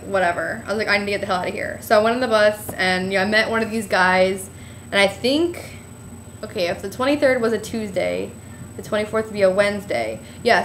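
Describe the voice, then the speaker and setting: A woman's voice: medium pitch, a bit bright, slight background noise. A woman from New Jersey telling a trip story in a chatty, casual way, full of "like" and acted-out quotes, and sounding tired. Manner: chatty, lots of "like" and "I was like", acting out quotes. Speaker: vlogger.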